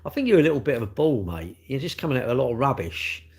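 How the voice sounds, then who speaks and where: Bloke in his middle years, jokey banter with his stream chat, average pitch. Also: very animated, very fast, darkish tone. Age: middle-aged. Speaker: live streamer reading viewer comments. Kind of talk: casual live-stream chat.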